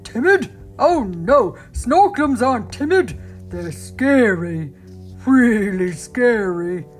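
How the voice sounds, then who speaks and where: A woman voicing a boastful male monster who growls loud threats but is secretly nervous. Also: fairly high pitch, sing-song, takes it slowly, soft background music, voice pushed up. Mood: blustering.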